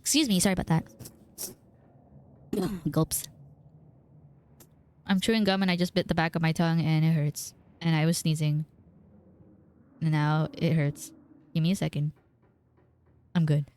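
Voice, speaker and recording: A woman streaming a story game live, reacting out loud, excitable and swearing as she plays. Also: deep voice, moderate pace, long pauses, clear, resonant tone. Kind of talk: live let's play commentary.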